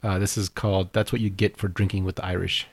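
A man's voice: low-pitched, flat delivery, fast talker, creaky. A man co-hosting a podcast, introducing songs in loose, casual chat, swearing and laughing often. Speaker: podcast co-host presenting songs.

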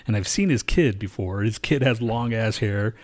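A man's voice: on the low side, normal speed. A man co-hosting a casual chat, telling a long profane story and acting out what people said. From lives in Denver. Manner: profane, rambling, acts out quotes.

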